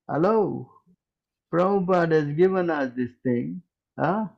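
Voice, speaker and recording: A man teaching in a question-and-answer session, forceful and scolding, who keeps asking "huh?" and "hello?". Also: a little high, unhurried, vocal fry, lo-fi sound.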